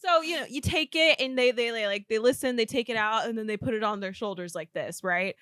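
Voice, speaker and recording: Chatty woman with a bright voice. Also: on the high side, a little fast, smooth, no room sound, clean studio sound. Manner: chatty, rambling with fillers. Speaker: podcast co-host. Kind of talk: casual movie recap chat.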